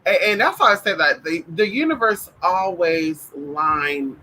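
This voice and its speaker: A man's voice: fairly high pitch, lively intonation, a little slow, bright, forceful tone, a little hiss or hum, poor audio. A man hosting a spiritual livestream in casual chat. He talks effusively, repeats himself, swears freely, and calls viewers "honey.".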